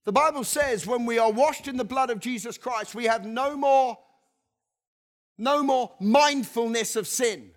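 High-voiced man preaching a lively sermon. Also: a little slow. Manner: animated, leads the congregation in repeated call-and-response; chuckles between points, conversational asides. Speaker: pastor.

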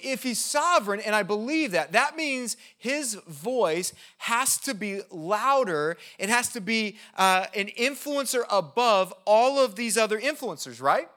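A man preaching a sermon in a conversational, energetic way, often checking in with his listeners. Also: sits high. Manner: conversational, checks in with "okay?" and "right?"; energetic and animated, with quick asides. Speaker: pastor.

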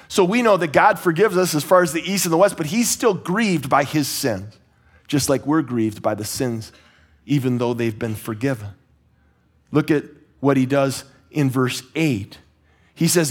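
A man preaching a sermon, emphatic and earnest, swinging between high urgent bursts and low, slow, quiet emphasis, with some stammering restarts. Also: animated, breathy edge. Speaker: pastor.

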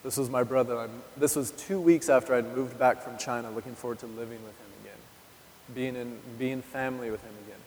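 A man's voice: mid-range voice, steady tone, fairly quick, darkish tone, slight background noise. A man in his thirties giving a personal testimony sermon, talking candidly and directly to the audience. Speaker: preacher. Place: church hall. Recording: live recording in a reverberant hall.

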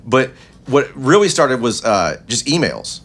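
Man, casual chat, wry and laid-back, pitch moves a lot. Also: big pitch swings, a little slow, a bit bright. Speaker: former guitar shop worker.

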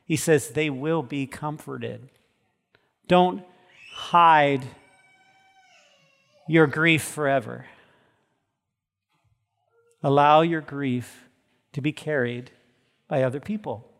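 A slow, deliberate male pastor delivering a sermon, his voice sitting a little high for a man. He drops soft and low, then climbs to loud, emphatic peaks. A long reverb from a large hall trails each phrase. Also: gravelly.

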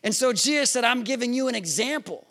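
A man's voice: very high-pitched, animated, brisk, a bit bright. A man preaching a sermon in a conversational way, asking the listeners questions and acting out scripture scenes. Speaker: pastor.

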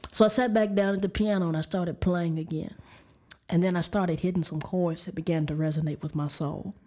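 A woman's voice: fairly low pitch, steady tone, a little fast, mellow. A woman preaching and telling a candid personal story of frustration and faith, with restarts and light laughs. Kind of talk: personal testimony sermon.

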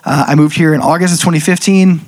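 Man, slightly high voice, casual testimony storyteller, filler-heavy. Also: fast. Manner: chatty, full of "like" fillers, animated quoted asides. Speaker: speaker sharing a personal testimony.

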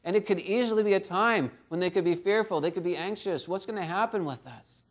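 Earnest preacher with a high male voice. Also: brisk. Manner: earnest, exhorting, direct questions to listeners. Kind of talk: sermon.

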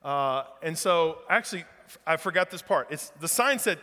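Enthusiastic pastor, folksy. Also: male voice, a little high, expressive, normal speed, bright, forceful tone, big-room sound. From northeast Louisiana. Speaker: guest pastor. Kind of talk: sermon with humor. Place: church sanctuary.

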